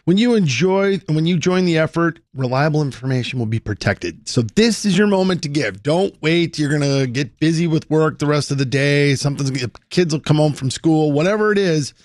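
A man's voice: on the high side, animated, brisk, few pauses, a little mellow, no echo, clean studio sound. Urgent male pledge-drive host. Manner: urgent and persuasive. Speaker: fundraising host. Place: radio studio.

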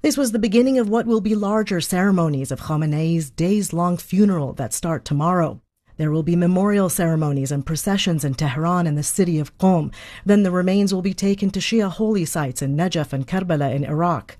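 A woman foreign correspondent reading a scripted news report in a steady, even way. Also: fairly low pitch, fairly quick.

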